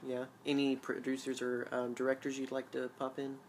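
Give me an eager, rambling man co-hosting a casual fan chat, mid-pitched. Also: completely flat delivery, a little fast, slight background noise. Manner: rambling, eager, many fillers and restarts. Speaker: show co-host.

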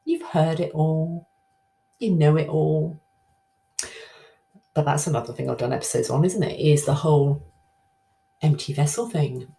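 Woman, middle-aged, low voice, chatty self-reflective podcast ramble. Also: measured pace, vocal fry, pauses often. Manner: chatty, self-reflective, animated swings in pitch. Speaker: podcast host. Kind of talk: casual solo podcast talk.

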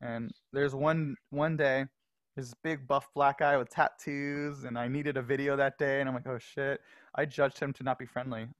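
A man from Los Angeles, a podcast guest, telling personal stories in an animated, laughing way. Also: mid-range voice, normal speed, no room sound, studio quality. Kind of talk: casual storytelling.

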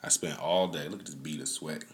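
A man's voice: very deep voice, a little fast. A man hosting his own streamed podcast, talking casually, swearing and rambling as he vents, recorded on a phone set up indoors. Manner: profane, rambling, venting with laughs. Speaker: podcast host. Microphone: phone on a stand.

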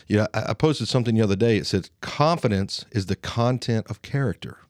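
A man in his late thirties from Alabama, with a Southern twang, giving an earnest, slow motivational monologue as a podcast host, pausing for emphasis. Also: lowish voice, darkish tone, dry recording, studio quality. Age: 30s.

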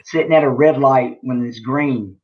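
A man's voice: medium pitch, moderate pace, a little hiss or hum. A man chatting as a guest on a podcast, easygoing and joking. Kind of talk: casual podcast chat. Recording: dull lo-fi sound.

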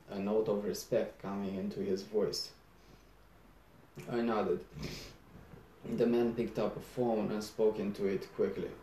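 A man narrating a first-person story aloud in a measured, deadpan manner. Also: lowish voice, a little hiss or hum. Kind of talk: first-person audiobook reading. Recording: roomy echo.

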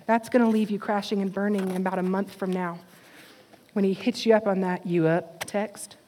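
A woman preaching a sermon with passion, swinging from fervent exhortation to quiet, intimate appeals. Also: medium pitch, steady tone, normal speed, a little hiss or hum. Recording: long hall reverb.

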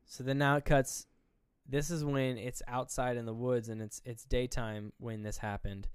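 A man's voice: mid-range voice, level tone, normal speed, smooth, dry recording, studio quality. A man co-hosting a podcast, talking casually about a movie and retelling its scenes in a rambling way. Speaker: podcast co-host.

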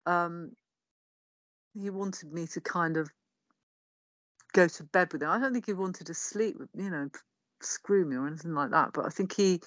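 Speaking at a moderate pace with frequent pauses, this English podcast guest has a voice on the low side and no room sound. The middle-aged woman candidly recounts her life, cursing freely and quoting others' dialogue bluntly.

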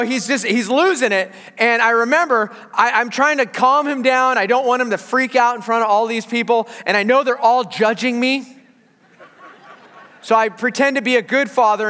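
Pastor guy, high bright voice, animated sermon storytelling, big echoey church hall. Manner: animated storyteller, shifting into earnest preaching. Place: church auditorium. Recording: large hall with long reverb, faint music.

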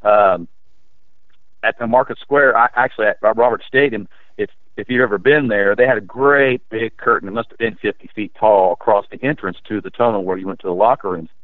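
Man, former high school player, rambling storyteller, low voice, dry phone-line audio. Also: fairly quick, no room sound. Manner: rambling, frequent restarts and fillers. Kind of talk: storytelling in a casual interview.

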